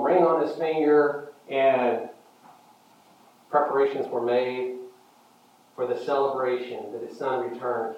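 A man's voice: medium pitch, heavy reverb. Man, pastor, sermon, emphatic, muffled lo-fi sound, distant mic. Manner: emphatic preaching with wide swings in volume.

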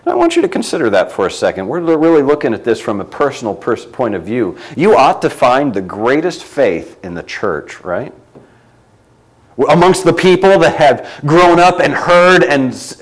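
A man preaching a sermon, reading scripture aloud and swinging between loud emphatic lines and quiet low ones. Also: rough recording.

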